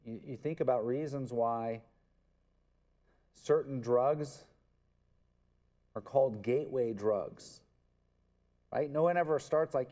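A man's voice: medium pitch, takes it slowly, pauses often, warm tone. A man preaching an expository sermon, earnest and emphatic, repeating words for stress. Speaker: pastor.

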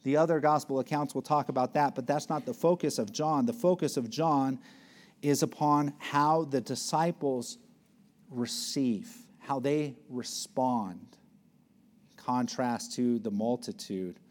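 A man preaching an expository sermon, reading scripture slowly and pressing his points with emphasis. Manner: emphatic, swings between loud peaks and low hushed words; reads scripture aloud slowly and deliberately.

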